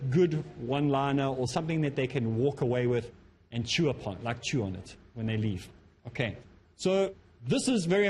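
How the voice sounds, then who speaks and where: A man from Africa, lecturing students on public speaking in a lively way that acts out the speakers he quotes. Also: mid-range voice, slight background noise. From South Africa.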